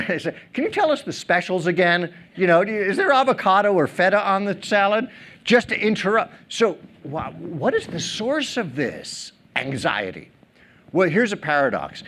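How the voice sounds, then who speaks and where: Middle-aged male keynote speaker, high and very lively, humorous, plays to the audience. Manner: animated, humorous, asks the audience questions. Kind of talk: conference keynote talk. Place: large theater stage.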